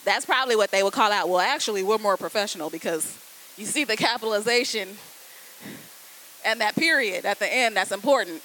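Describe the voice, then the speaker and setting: A woman speaking to a class of students as a guest copywriter, in a lively, casual, conversational way, turning often to address them directly. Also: mid-range voice, brisk, a little hiss or hum, poor audio.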